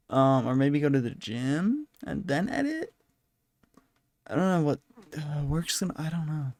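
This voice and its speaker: A man's voice: on the high side, darkish tone, dry recording, studio quality. A tired man hosting a podcast alone, chatting casually in a rambling, self-deprecating way and apologizing often. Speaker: podcast host. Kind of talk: casual solo podcast chat. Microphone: handheld microphone at a desk.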